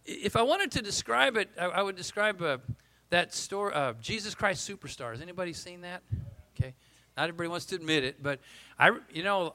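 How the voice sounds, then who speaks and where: A pastor in his sixties preaches a storytelling sermon, animated and humorous, acting out the people in his stories. His voice is high, and the recording quality is low.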